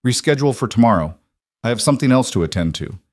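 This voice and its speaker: A man's voice: mid-range voice, lively intonation, fast talker, a little mellow, no room sound, clean studio sound, lightly acted. A man voicing a cool female billionaire CEO who speaks in clipped, commanding lines. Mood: curt.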